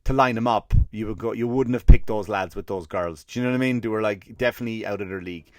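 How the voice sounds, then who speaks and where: A man's voice: fairly low pitch, quick pace, no echo, studio quality. An Irish man, a comedian hosting his podcast, tells a comic story in a profane, exasperated rant and acts out the people in it. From Ireland. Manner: profane, exasperated ranting with acted quotes.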